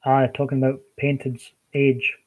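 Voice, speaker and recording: A man's voice: medium pitch, monotone, normal speed, narrow, tinny audio. A man with a Scottish accent, hosting a casual live stream and chatting with viewers while reading out their comments. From Scotland.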